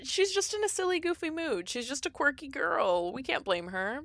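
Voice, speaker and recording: A woman's voice: high voice, big pitch swings, moderate pace, no room sound. A young adult woman streaming a game, chatting casually with viewers, swearing freely and puzzling over their comments. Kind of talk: casual live-stream chat. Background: loud game music.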